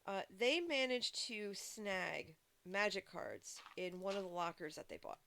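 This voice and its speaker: A woman's voice: medium pitch, very animated, unhurried, gravelly, bright, forceful tone, a little hiss or hum. A woman live-streaming a game, chatting casually with her viewers in a rambling way full of fillers and restarts. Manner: talks to chat viewers. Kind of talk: casual live-stream chat while playing.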